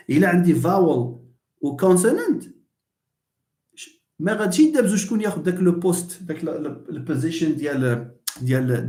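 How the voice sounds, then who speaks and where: A man with a Moroccan accent lectures a class, teacherly and animated as he moves between English, French and Arabic. His voice sits a little high and swings widely in pitch. He asks questions and answers them himself, in a room with a noticeable echo.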